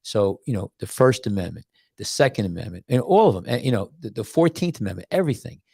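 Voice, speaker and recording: A man's voice: lowish voice, fast, vocal fry, slightly rough, no echo, studio quality. A man hosting a casual podcast as a doctor, rambling and restarting his words as he talks. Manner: tells stories with animated quoted voices.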